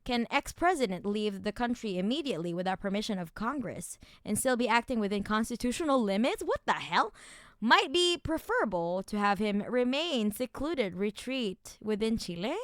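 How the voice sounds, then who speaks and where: A woman streamer with a fairly high, smooth, crisp voice. She reads documents aloud in a low mutter, then breaks into loud, profane, angry rants. The sound is close and dry, with no room echo. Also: animated, moderate pace. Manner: angry, profane, swings between muttered reading and loud ranting. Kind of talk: reacting to and reading out documents.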